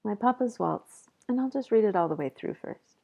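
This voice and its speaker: A middle-aged woman professor giving a measured, explanatory poetry lecture and reading a poem aloud. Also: mid-range voice, expressive, vocal fry, muffled recording. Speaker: college professor.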